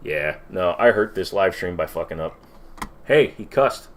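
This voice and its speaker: A man's voice: deep voice, expressive, normal speed. Rambling, foul-mouthed male livestream host. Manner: rambling, profane, reacting to viewer comments. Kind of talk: casual livestream Q&A chat.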